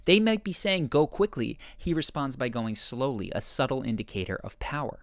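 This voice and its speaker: A man narrating a scripted video essay in a measured, explanatory way. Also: mid-range voice, big pitch swings, no echo. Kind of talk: scripted narration analyzing show clips.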